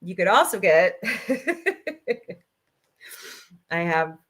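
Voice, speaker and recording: A woman's voice: fairly low pitch, very slow, fairly bright tone. A middle-aged woman hosting a casual livestream from home into a laptop mic, talking emotionally and venting. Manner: emotional, venting, tearful at times. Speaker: podcast host. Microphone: laptop microphone.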